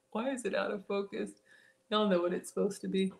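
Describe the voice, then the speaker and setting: A woman's voice: medium pitch, normal speed, gravelly. A woman chatting through a live cooking stream from her home kitchen, reading viewers' comments aloud and talking to them by name. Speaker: cooking channel host.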